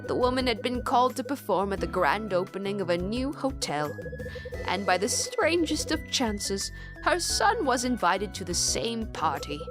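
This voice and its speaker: A woman voicing a gentle older woman, a retired stage performer, telling a story in a soft, measured way while reading a game aloud. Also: medium pitch, big pitch swings, over music, natural voice. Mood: wistful.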